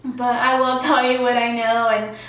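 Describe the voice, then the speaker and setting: A woman's voice: on the high side, level tone, moderate pace, a bit bright, very echoey, recorded from a distance, rough recording. A young woman vlogger telling her personal story in a chatty way, with lots of fillers and acted-out quotes. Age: young adult.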